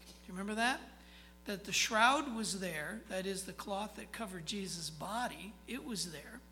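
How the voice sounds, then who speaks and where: A pastor preaching a sermon in a conversational way, often checking in with the listeners and reading scripture aloud slowly with emphasis. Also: mid-range voice, pushed and bright, rough recording. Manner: conversational, keeps checking in with "okay?".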